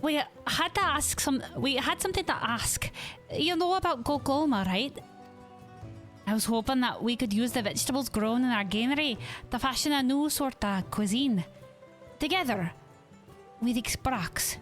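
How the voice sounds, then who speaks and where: A woman's voice: high-pitched, normal speed, pitched above the performer's own voice, close to an everyday voice. An eager young adventurer, polite and a little formal, with a lifted, earnest voice, as a woman plays the part. Faint game music sits under the lines.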